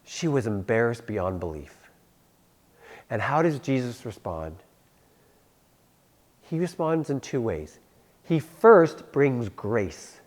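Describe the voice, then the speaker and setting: A man's voice: mid-range voice, slow pace, long pauses. A young adult man preaching a youth sermon, telling stories and acting out voices as he goes. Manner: animated, acts out voices, laughs at own stories. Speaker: youth pastor.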